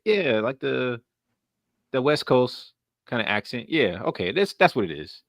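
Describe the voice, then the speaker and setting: A man hosting a casual podcast chat, animated and rambling, often laughing and restarting his sentences. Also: medium pitch, slow pace, long pauses, no echo, studio quality. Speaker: podcast host.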